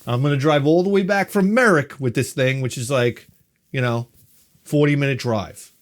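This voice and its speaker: A man's voice: mid-range voice, moderate pace. A middle-aged man, telling a story in a wry, exasperated and profane way. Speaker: vlogger.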